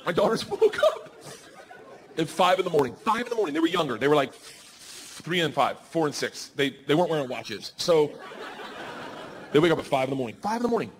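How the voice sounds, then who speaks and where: A man in his forties doing a stand-up comedy set, telling stories loudly and jumping into the voices of his kids and friends. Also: a little high, big pitch swings, quick pace, background noise. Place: comedy stage with a live audience. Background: audience laughter.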